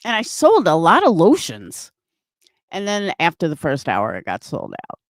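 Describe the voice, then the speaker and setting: A woman's voice: on the low side, wildly swooping pitch, moderate pace, no room sound, clean studio sound. A middle-aged woman chatting casually on a live stream from home, swearing freely and answering viewers by name. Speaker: livestreamer and craft seller.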